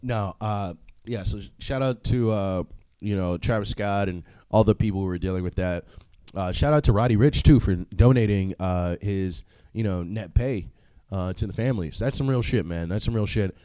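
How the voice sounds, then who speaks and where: A man's voice: fairly low pitch, normal speed, warm tone, clear, resonant tone, no echo. A young man hosting a solo podcast, talking casually in a profane, rambling way, with frequent laughs and filler words. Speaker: podcast host.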